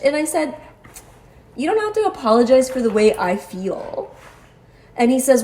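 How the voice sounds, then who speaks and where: Her voice is high-pitched and a little mellow, with lively intonation at a normal speed. Speaking as a cancer patient, she recounts her experience in a personal monologue that is precise and articulate, tinged with wry exasperation.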